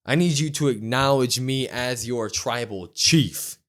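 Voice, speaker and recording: A man co-hosting a podcast, excitedly retelling a show and acting out the quotes. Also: mid-range voice, a little slow. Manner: animated storytelling, acts out quotes with loud whoops. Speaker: wrestling podcast co-host. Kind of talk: excited casual recap.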